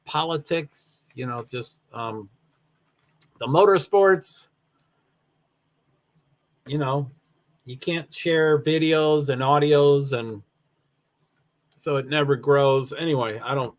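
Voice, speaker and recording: A man's voice: mid-range voice, slow pace, pauses often. A very tired man, yawning, chatting in a rambling way with many fillers while running a solo livestream about racing. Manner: rambling, self-interrupting with fillers. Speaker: live streamer.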